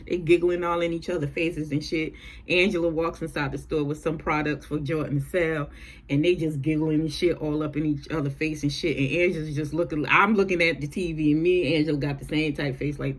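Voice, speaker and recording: A woman chatting casually through a TV episode recap, animated and profane, with features. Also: low-pitched, normal speed. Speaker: recap vlogger.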